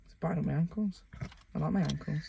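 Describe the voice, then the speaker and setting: A woman's voice: low-pitched, brisk, creaky, dark tone, slight background noise. A young woman co-hosting a comedy podcast, giggling and rambling through jokey casual chat. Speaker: podcast co-host.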